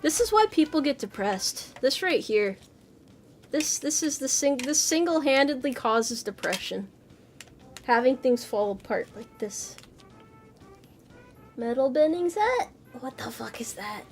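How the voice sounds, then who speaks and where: A woman's voice: sits high, lively intonation, a little slow, pauses often, soft background music. A woman streaming from her home PC, chatting casually with her chat. She swears a lot and mutters to herself as she assembles a model. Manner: swears often, chatty and playful; muttering and exclaiming while building a model. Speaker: VTuber streamer. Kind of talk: casual livestream chat answering chat.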